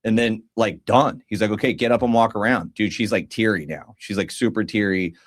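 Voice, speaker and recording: Man, podcast co-host, casual chat, slangy storyteller, lowish voice. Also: a little fast. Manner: animated storyteller, slangy, acts out others' lines.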